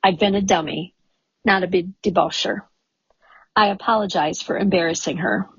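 A woman reads a first-person memoir aloud in a measured, wry way. Her voice is husky, the room is dry and close, and the recording is dull and lo-fi. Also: on the low side, fairly even intonation, fairly bright tone, no room sound. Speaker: audiobook narrator.

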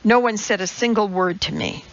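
A woman voicing a sharp young woman who speaks bluntly and asks pointed questions. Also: medium pitch, normal speed, highs cut off, lightly acted.

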